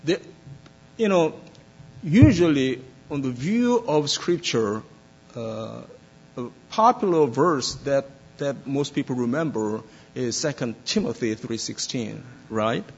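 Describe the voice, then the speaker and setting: A man preaching a sermon as pastor, speaking deliberately with many pauses and fillers. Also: medium pitch, lively intonation, husky, dull audio.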